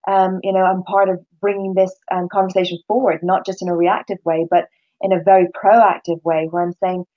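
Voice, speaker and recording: A woman leading a course, talking in a casual conversation, animated and quick to act out other people's voices, with frequent restarts. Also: fairly low pitch, lo-fi sound. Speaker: course leader and speaker.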